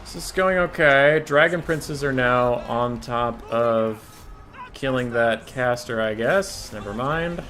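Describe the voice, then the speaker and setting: This young man's voice is medium-pitched, fairly bright, and slow-paced as he narrates his own strategy game. A gamer streamer, he's sarcastic and foul-mouthed, sometimes lashing out at his units over faint game music.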